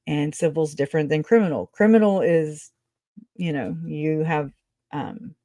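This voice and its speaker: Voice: mid-range voice, unhurried, warm tone, no echo. A true crime channel host giving casual livestream commentary, rambling through tangents and laughing often.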